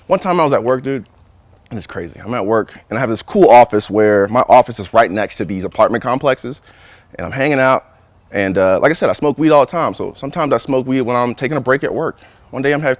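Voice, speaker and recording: A man's voice: medium pitch, no room sound. A young man doing a crude, rambling stand-up routine who keeps saying "you know what I'm saying.". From North Carolina. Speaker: stand-up comedian. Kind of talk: profane stand-up monologue.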